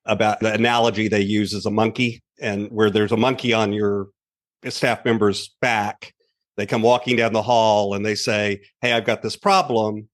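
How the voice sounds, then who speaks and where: A man hosting a podcast interview, chatting in a relaxed way and telling anecdotes. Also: fairly low pitch, normal speed. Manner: relaxed and conversational, tells anecdotes. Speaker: podcast host. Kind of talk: casual interview chat.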